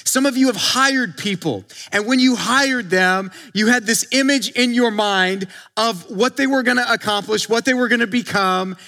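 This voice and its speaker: A man's voice: very high voice, normal speed, hardly any pauses, pushed and bright. A male pastor preaching a conversational sermon, acting out quotes and often restarting his sentences.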